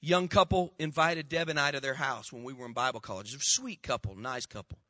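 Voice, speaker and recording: A pastor preaching a sermon, telling folksy stories and calling on the congregation to answer back. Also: male voice, medium pitch, brisk, sharp tone, no echo.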